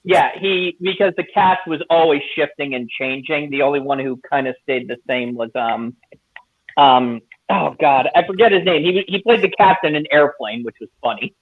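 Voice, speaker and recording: A man's voice: a little high, moderate pace. A man chatting casually in a group talk, eagerly retelling movie scenes and laughing. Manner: animated, acts out movie quotes with laughter. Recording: tinny phone-like line.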